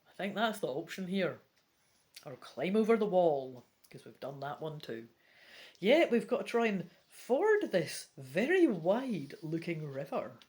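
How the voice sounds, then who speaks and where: A Scottish woman reads a choose-your-own-adventure book aloud and chats about her choices. Her delivery is slow and unhurried, with lively pitch swings. She is wry and casual, dropping the odd swear word. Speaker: gamebook reader. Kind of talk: reading a gamebook aloud with commentary.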